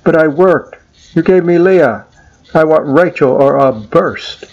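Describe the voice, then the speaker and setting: An earnest young traveler, as a man reading a storybook poem puts him on, eager and pleading. His voice is neither high nor low, in a slightly dull lo-fi recording. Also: a little slow. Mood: indignant.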